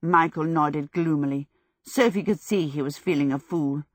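This is scripted audiobook narration by a woman whose voice sits low, told in a measured, even storytelling manner. The recording is dry and studio quality.

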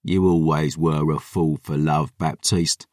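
A man's voice: low-pitched, expressive, slow, no echo, clean studio sound, full character voice. A man voicing a cruel, bitter young male lordling in an audiobook, with a taunting, sneering manner. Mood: cold triumph.

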